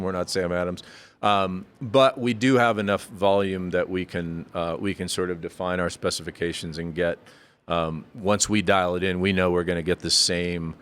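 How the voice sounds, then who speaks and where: A man's voice: low voice, fairly bright tone, clear, resonant tone. A man as a brewery guest on a casual podcast, giving thoughtful, rambling explanations with frequent self-corrections and lifting his voice when he jokes.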